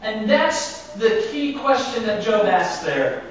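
Preaching at a slow pace, this pastor's high voice swings widely in pitch, with a little hiss or hum on the track. He repeatedly asks his congregation rhetorical questions and performs the words of scripture with growing intensity, all captured in a very echoey, distant, dull recording.

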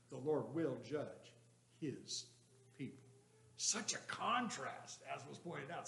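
Lively man teaching a Bible class in an echoey room. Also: fairly high pitch, creaky. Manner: lively, questioning the class, emphatic with chuckles. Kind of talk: interactive Bible study lesson.

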